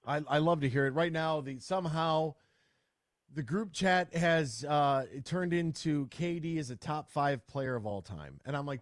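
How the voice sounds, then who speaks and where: Energetic male sports radio host. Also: on the high side, normal speed, no room sound, studio quality. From Michigan. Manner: energetic, lively, playful with quoted voices. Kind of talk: sports talk radio and read ad. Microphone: studio radio mic.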